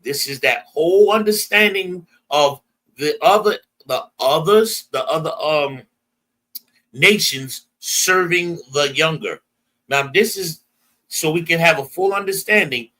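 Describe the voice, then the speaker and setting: A high-voiced American man teaches scripture with a bright, ringing tone. His pitch swings widely as he prompts a reader and retells verses in casual slang. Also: lively intonation, a little slow. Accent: American English. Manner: emphatic, call-and-response, paraphrases verses in slang. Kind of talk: bible class teaching.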